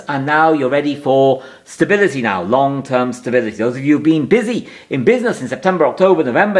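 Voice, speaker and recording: A man giving an astrology forecast in an emphatic, repetitive, moralizing way. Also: on the high side.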